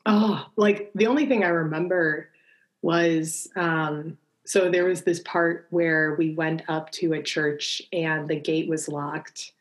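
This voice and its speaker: A young American woman chatting as a podcast guest, talking fast and easy and laughing as she goes. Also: sits low, steady tone. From United States. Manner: chatty, laughing, many likes. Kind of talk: casual chat.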